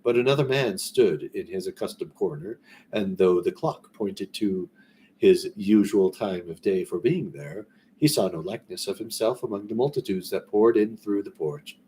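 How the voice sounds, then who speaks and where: A man reading a classic story aloud in a relaxed way, breaking off now and then for rambling, conversational asides. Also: on the low side, moderate pace, a little hiss or hum. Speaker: story reader.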